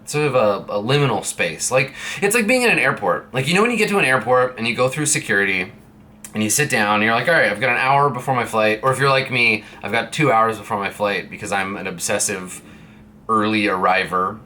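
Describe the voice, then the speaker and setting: A man's voice: on the low side, animated, brisk, bright, forceful tone. A young man from Canada chatting casually to camera in a vlog, rambling through stories from a friend's streaming room. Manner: rambling, chatty, with playful put-on voices in quoted dialogue. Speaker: vlogger. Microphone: streaming setup mic.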